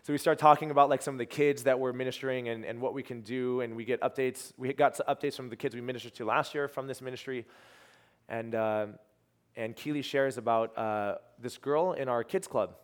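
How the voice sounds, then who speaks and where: A man's voice: medium pitch, brisk. A young adult man, a ministry team leader, telling a testimony story with lots of quoted dialogue and restarts. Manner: animated storyteller, quoting others, trailing restarts.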